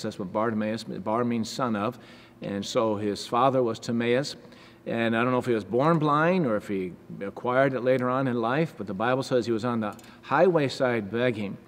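Earnest pastor in an echoey hall. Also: male voice, mid-range voice. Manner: earnest, measured and encouraging. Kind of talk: devotional sermon with scripture reading. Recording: echoey hall with faint background noise.

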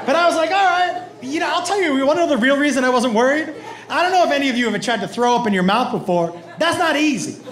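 A male stand-up comedian telling animated, crude stories on a club stage into a handheld mic. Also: extremely high pitch, fast. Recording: echoey comedy club with loud crowd.

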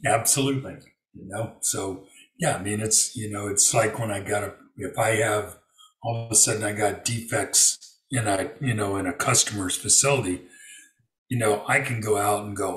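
A man telling a work story in a relaxed interview, using lots of fillers and acting out what people said. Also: on the low side, moderate pace, reverberant, distant mic, low-quality recording. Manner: storytelling with many fillers and acted-out quotes. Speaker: guest. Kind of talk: conversational interview.

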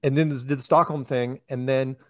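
In a casual storytelling interview, a flat earth public speaker rambles loosely and with animation, acting out quoted dialogue with bursts of excitement and sudden drops in volume. His pitch sits at an ordinary middle level and he talks fairly quickly. The room is dry and close, with almost no echo.

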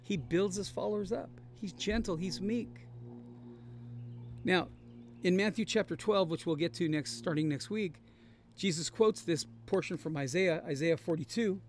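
A man's voice: sits high, moderate pace, darkish tone, slight background noise. Man preaching an earnest Bible study. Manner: earnest, conversational preaching with emphatic repetition. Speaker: pastor. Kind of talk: sermon-style Bible study. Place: traveling, on the road.

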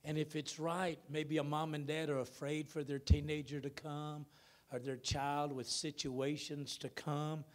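Pastor, man, fairly high voice, preaches with stretched words and loud emphatic bursts. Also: level tone, unhurried, hardly any pauses. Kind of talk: sermon. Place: church sanctuary.

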